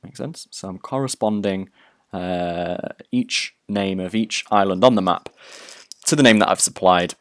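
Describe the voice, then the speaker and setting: Guy going through java code in a lecture, lowish voice, dry close sound, lots of uhs. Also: unhurried, fairly bright tone, dry recording. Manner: explanatory, conversational, many fillers and restarts. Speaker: programming lecturer. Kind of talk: recorded coding lecture.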